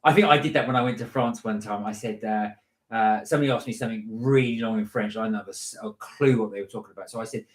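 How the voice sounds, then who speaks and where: A man from England co-hosting a live stream, reading viewer messages aloud and chatting casually. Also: lowish voice. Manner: reads chat messages aloud, quick and light. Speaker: co-host reading viewer comments. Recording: echoey room.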